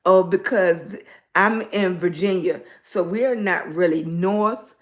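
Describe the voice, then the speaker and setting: A middle-aged woman with a Southern US accent and a slightly raspy voice, rambling in casual livestream chat and greeting viewers by name. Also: fairly low pitch, slow pace. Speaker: lifestyle blogger live streaming.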